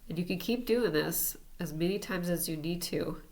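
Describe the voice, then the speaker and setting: A woman teaching an energy healing technique in a casual, relaxed way, talking as she demonstrates tapping on herself. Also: on the low side, normal speed. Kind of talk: casual instructional talk.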